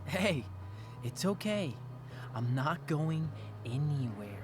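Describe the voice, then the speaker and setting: A man's voice: a little high, slow pace, over music. A possessive, controlling teenage boy. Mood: coaxing. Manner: intense, insistent, creepy calm. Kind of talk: video game voice acting.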